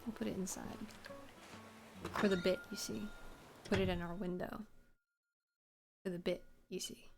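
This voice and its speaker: A woman's voice: fairly low pitch, steady tone, unhurried, vocal fry, pauses often. A woman streamer chatting casually while she plays a game, wry and self-mocking with rambling asides. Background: faint game music.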